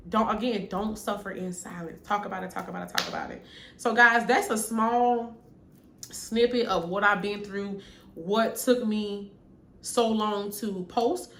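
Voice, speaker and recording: A woman's voice: mid-range voice, fairly bright tone. A young adult woman, talking to camera in an earnest, casual story-time vlog and repeating phrases for emphasis. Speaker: vlogger. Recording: echoey room with faint background hum.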